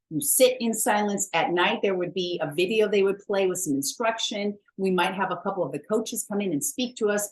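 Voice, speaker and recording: A woman wellness coach giving a chatty, emphatic motivational talk, blunt and self-mocking, with the odd swear word. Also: medium pitch.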